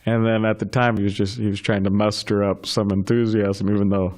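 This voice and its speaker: Low-voiced man giving a scripture class. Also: level tone, fairly quick, a little mellow. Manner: chatty, with laughs and restarts. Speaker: class speaker.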